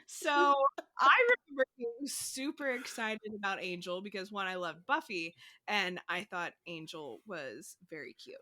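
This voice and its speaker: A woman co-hosting a podcast while sick, her voice nasal and stuffed up but still bright. The sound is dry and close, with no room around it. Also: mid-range voice, unhurried, dry recording. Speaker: podcast co-host. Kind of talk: casual podcast chat.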